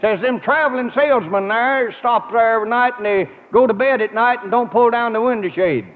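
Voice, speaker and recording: A man's voice: very high voice, a little fast. A man telling a folksy comedy monologue on a live stage, drawling his punchlines and laughing at his own jokes. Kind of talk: rural stand-up comedy monologue. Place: large auditorium stage with live audience. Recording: tinny, noisy 1950 radio broadcast with hall echo.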